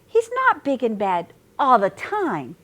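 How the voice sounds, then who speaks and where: A woman's voice: fairly high pitch, huge pitch swings, slow, a bit bright, pitched above the performer's own voice, heavily acted. Sly grinning Spider, voiced by a woman. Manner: coy, sly delivery.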